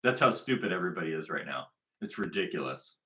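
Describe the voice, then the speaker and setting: A man's voice: sits low, sing-song, fast, pushed and bright. A man delivering a combative, repetitive commentary monologue, hammering his points with emphasis. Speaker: online commentator.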